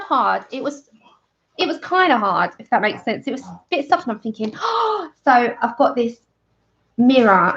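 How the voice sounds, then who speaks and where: A woman chats through a colouring livestream. She tells a mishap as an animated story, voicing everyone in it and laughing along. Her voice sits a little high and comes through a somewhat dull, muffled recording. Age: 30s. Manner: chatty, laughs often, acts out her own story in quoted voices. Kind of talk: casual chat while colouring on a livestream.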